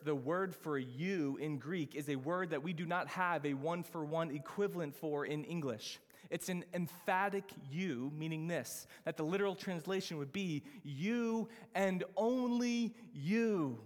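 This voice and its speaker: Emphatic preacher man in reverb. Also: fairly high pitch. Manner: emphatic, with slow stressed phrases. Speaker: pastor. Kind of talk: sermon.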